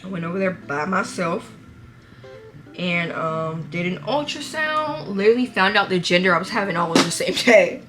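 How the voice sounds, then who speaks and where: A woman's voice: lowish voice, lively intonation, normal speed. Young woman vlogging while doing makeup, chatty and dramatic, music playing under her. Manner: chatty, laughing, dramatic retelling. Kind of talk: get-ready-with-me story time.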